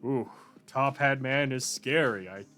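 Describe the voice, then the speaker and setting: A man voicing a nervous, flustered gentleman who stammers and hurries his words. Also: mid-range voice, measured pace, faint music behind, lightly acted.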